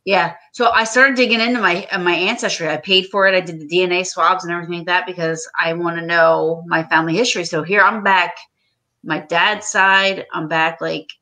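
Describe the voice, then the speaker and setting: A woman's voice: on the low side, fairly even intonation, a little fast, sharp tone, low-quality recording. A woman hosting a casual livestream chat, rambling and chatty with frequent laughter. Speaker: podcast host.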